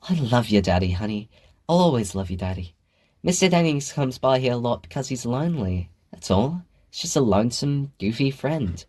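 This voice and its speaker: A man's voice: mid-range voice, sing-song, normal speed, pitched above the performer's own voice. A man voicing an affectionate, fretful mother who coaxes her daughter. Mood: tender. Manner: warm, coaxing, fretful talk.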